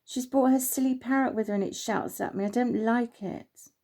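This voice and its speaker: A woman's voice: a little high, fairly even intonation, normal speed, a little mellow. A woman voicing a meek young female house cat, sulky and timid, in a storybook reading.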